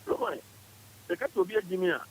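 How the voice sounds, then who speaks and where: A man's voice: high voice, quick pace, rough recording. A man joining a radio chat as a guest, rambling and laughing as he talks. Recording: radio broadcast with faint hiss.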